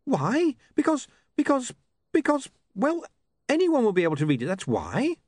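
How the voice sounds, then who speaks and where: A man's voice: extremely high pitch, huge pitch swings, moderate pace, darkish tone, husky, no room sound, studio quality, voice pushed up, heavily acted. A man doing a flustered young newspaperman. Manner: flustered, stammering, polite. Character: earnest, flustered young male newspaper writer.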